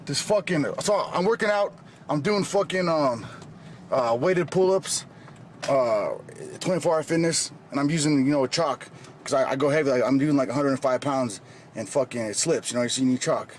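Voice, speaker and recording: A man's voice: medium pitch, a little hiss or hum. A man ranting angrily in a vlog clip, swearing constantly and acting out a quarrel. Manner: fast, heated, swearing constantly. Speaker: vlogger in a played clip. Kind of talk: angry profane rant.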